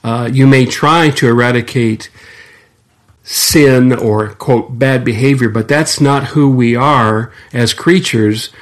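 A man co-hosting a podcast, talking in a halting way with many fillers and restarts. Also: mid-range voice. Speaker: podcast co-host. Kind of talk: casual discussion.

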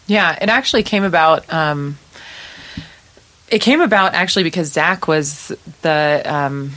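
A woman with a notably low voice speaks as a guest on a podcast. She tells her story in a chatty, casual way, with quick asides and fillers. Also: a bit bright. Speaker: musician guest. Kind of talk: casual interview chat.

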